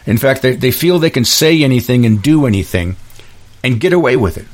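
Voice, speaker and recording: A man hosts a solo podcast in an emphatic, ranting monologue. He often restarts his sentences. His voice sits at an ordinary middle pitch. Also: lively intonation, a little fast. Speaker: podcast host. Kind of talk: opinion monologue.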